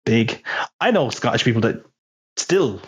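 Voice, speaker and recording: A man's voice: medium pitch, sing-song, measured pace, breathy edge. A man hosting a casual film podcast, laughing often and swearing as he retells scenes. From Ireland. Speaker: podcast host.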